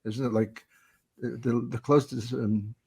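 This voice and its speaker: A male comedian hosting a podcast who talks in loose, halting rambles. He restarts his sentences, drops in swear words, and speaks at a plain mid-range pitch. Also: steady tone, a little mellow, husky. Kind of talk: casual podcast chat.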